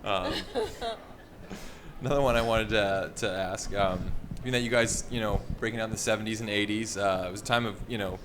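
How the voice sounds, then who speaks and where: A man's voice: fairly low pitch, fairly even intonation, moderate pace. A man moderating a convention panel, asking friendly, rambling questions. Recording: noisy convention room.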